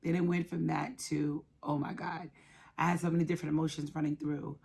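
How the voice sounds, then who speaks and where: A woman in her thirties telling a personal story of loss, soft-spoken and halting, with many pauses. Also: sits low, little pitch movement, creaky, breathy edge. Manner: emotional, quietly reliving a loss. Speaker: guest sharing her story.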